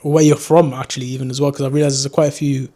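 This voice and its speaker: A young man with a Geordie accent that slides toward southern English. He talks at an ordinary middle pitch in a loose, rambling, self-mocking way, chatting to his viewers indoors. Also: little pitch movement, fast talker, warm tone. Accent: Geordie mixed with southern English. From North East England. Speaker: drone vlogger. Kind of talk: casual unscripted chat to camera.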